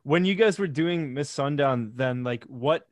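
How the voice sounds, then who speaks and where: A man's voice: mid-range voice, measured pace, no room sound. Man interviewing, dry close voice. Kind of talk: casual interview questions.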